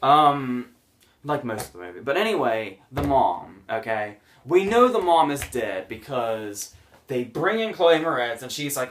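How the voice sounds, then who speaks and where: A man's voice: medium pitch, very animated, a little slow, a bit bright, recorded from a distance, a little hiss or hum. A man hosting a casual movie review podcast, sarcastic and mocking scenes as he retells them.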